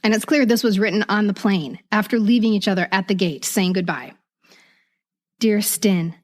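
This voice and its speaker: A woman's voice: mid-range voice, fairly quick. A woman in her fifties co-hosting a casual podcast, laughing easily and reading old letters aloud with feeling. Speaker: podcast co-host.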